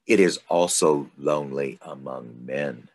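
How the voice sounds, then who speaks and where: A man reading aloud and voicing a mysterious desert snake who speaks slowly and cryptically, in riddles. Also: rumbling low, big pitch swings, creaky, slightly rough, full character voice. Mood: ominous. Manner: slow, cryptic, ominous.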